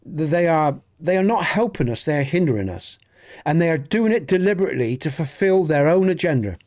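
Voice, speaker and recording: Game streamer, male, southwest Dorset accent, a touch higher than most men, earnest and rambling with live chat. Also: expressive, a little fast, a little mellow. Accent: Dorset, Southwest England. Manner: rambling, earnest, repeats and restarts words. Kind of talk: casual chat with live viewers.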